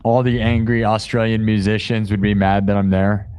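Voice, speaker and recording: A man's voice: lowish voice, flat delivery, normal speed, a little mellow, clean tone. A man hosting his own live stream, chatting casually to viewers in a rambling way and correcting himself as he goes. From United States. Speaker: live-stream musician host.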